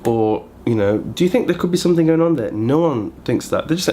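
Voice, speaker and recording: A man's voice: on the high side, expressive, fast, dark tone, slight background noise. A man vlogging in casual chat to camera, rambling and thinking aloud as he goes.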